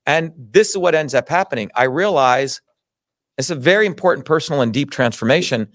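A man's voice: medium pitch, lively intonation, fairly quick, a bit bright, no room sound, studio quality. A middle-aged man telling his own story in an interview, indignant, emphatic and full of swearing. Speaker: interview guest. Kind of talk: heated personal storytelling.

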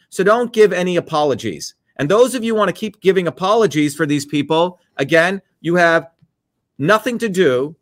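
A combative political host, talking in a scornful, heated way. His voice sits fairly high for a man. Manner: combative, scornful, rapid asides to a producer.

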